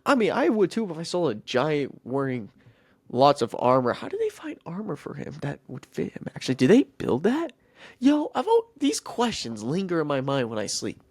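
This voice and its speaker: A podcast host retells a Bible story in a casual, rambling way, breaking off into goofy side questions. His pitch jumps around a lot, and the sound is dry and close with no room around it. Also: wildly swooping pitch, normal speed, a little mellow, no echo. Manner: rambling, goofy asides, self-interrupting.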